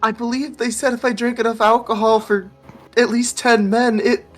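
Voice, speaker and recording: A player voicing a woman magically turned into a stocky man, speaking in a prim, high, falsetto-like voice. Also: flat delivery, normal speed, fairly bright tone, faint music behind. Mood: earnest.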